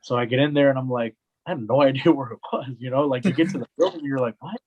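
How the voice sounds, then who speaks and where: A man's voice: mid-range voice, rapid-fire, muffled recording. A young man, a wrestling commentator, telling a story in a casual podcast chat and acting out the voices of the people in it. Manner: animated, acts out quoted voices, lots of "right?" and "man".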